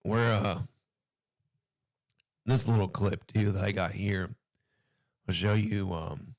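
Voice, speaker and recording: A hoarse man hosting a reaction commentary video, talking in a profane, furious rant. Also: fairly low pitch, steady tone, takes it slowly, no echo, clean studio sound.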